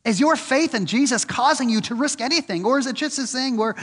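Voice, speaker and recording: A man preaching a sermon, earnest and repeating questions for emphasis, swinging from loud and lifted on key points to low and soft. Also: brisk, hardly any pauses, slightly rough. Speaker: pastor.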